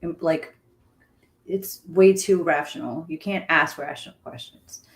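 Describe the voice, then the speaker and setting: Female co-host, teasing and playful, easy casual banter. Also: low-pitched. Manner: teasing, playful, quick with jokes. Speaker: co-host of a trial watch show. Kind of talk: casual chat.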